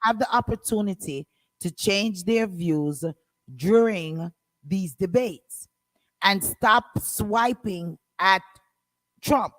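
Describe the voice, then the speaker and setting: A woman's voice: medium pitch, slow, rough recording. A woman hosting a call-in radio show, arguing her point with emphasis and repeating phrases.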